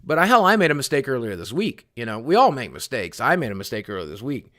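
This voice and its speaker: A man's voice: mid-range voice, sing-song, fast talker, fairly bright tone. A young man streaming live, rambling and swearing as he answers chat messages and repeats himself. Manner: rambling, profane, repeats phrases. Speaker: livestreamer. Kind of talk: casual rant to live chat.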